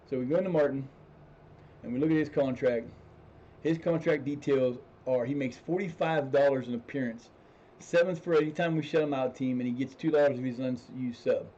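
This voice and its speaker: A man's voice: mid-range voice, warm tone, dull audio. Rambling man commentating his football management game. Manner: rambling, restarts sentences, swears when frustrated. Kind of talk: casual gameplay commentary.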